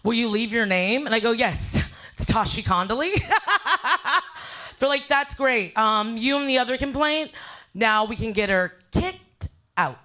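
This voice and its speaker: A woman doing a stand-up comedy set, brash and profane, telling a story with loud voiced asides. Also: on the high side, expressive, a little slow. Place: live fundraiser show.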